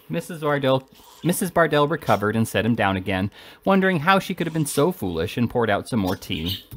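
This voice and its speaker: Expressive man reading a classic novel. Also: medium pitch. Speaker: reader.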